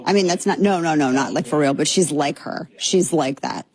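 A woman's voice: sits low, moderate pace, a little mellow. A woman hosting a talk radio show, giving scornful, mocking commentary.

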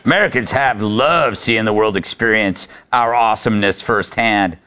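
A man's voice: on the low side, moderate pace, sharp tone, a little hiss or hum. A man hosting a talk show, delivering opinionated commentary in a sarcastic, mocking manner. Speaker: host.

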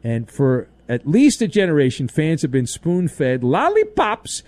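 Man, sports radio host, sarcastic rant, high voice, very animated, dry close sound. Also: measured pace, hardly any pauses, no room sound. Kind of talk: opinionated sports talk monologue.

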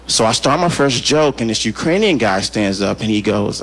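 A man's voice: on the low side, normal speed, hardly any pauses, background noise. A man telling a story in a stand-up routine, acting out the people in it. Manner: animated storyteller acting out characters. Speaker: stand-up comedian.

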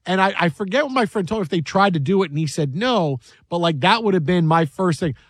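A man hosting a sports talk show, telling a story in an animated way and acting out the voices of the people in it. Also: sits high, quick pace, dry recording.

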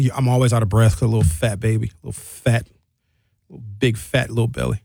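A man's voice: medium pitch, fast talker, gravelly, no room sound. A man in his forties hosting a radio talk show, riffing in a comedic monologue and acting out characters in quotes. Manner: animated, acts out characters in quotes. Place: radio studio. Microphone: studio microphone.

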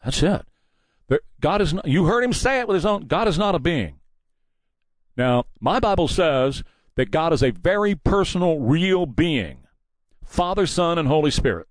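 A man's voice: a little high, sing-song, moderate pace, dry recording. A man hosting a political commentary show, delivering a combative, preachy and mocking monologue. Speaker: talk show host.

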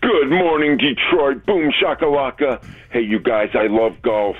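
A man's voice: medium pitch, measured pace. A man calling into a radio show, playful and hyped, talking about a dream splurge. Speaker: caller. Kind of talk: phone-in chat. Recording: phone line.

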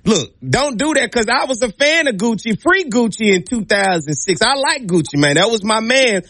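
A man hosts a call-in sports radio show, trading playful jabs with his callers. His voice sits high and swings widely in pitch. The studio sound is close and dry. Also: lively intonation, normal speed, a bit bright, no echo. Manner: playful, teasing banter. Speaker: radio show host taking calls. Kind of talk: casual call-in sports talk.

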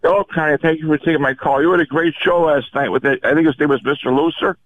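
A man's voice: fairly high pitch, fast, fairly bright tone, no room sound. A man from Pennsylvania calling in to a radio show, polite and chatty. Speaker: caller. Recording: tinny phone line.

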